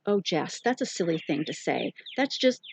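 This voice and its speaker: A woman voicing a soft, soothing mother. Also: on the low side, sing-song, normal speed, vocal fry, a little hiss or hum. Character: gentle, anxious mother of a sick boy.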